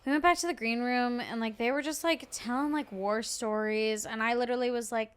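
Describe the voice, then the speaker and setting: A woman's voice: on the high side, steady tone, brisk, smooth. A woman comedian chatting casually as a podcast guest, giggly and full of fillers. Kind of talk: casual chat.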